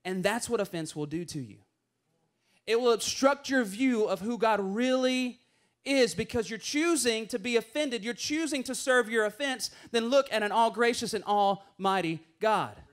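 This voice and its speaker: A pastor delivers a sermon in a strikingly high voice. He is animated and playful, slipping into voices for the people in his stories. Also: moderate pace.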